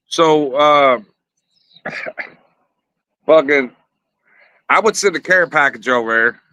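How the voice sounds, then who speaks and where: A man tells loose, profane stories in a casual interview. His voice is bright and forceful, sits at an ordinary middle pitch, and is recorded close and dry. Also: dry recording, poor audio. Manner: profane, rambling, laughs at his own stories. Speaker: wrestler, interview guest.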